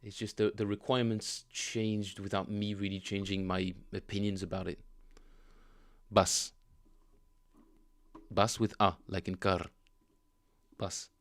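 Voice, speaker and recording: A man streaming his bass practice, explaining chord tones in a rambling, casual way with lots of fillers and self-corrections. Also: level tone, normal speed. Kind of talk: casual livestream teaching chat.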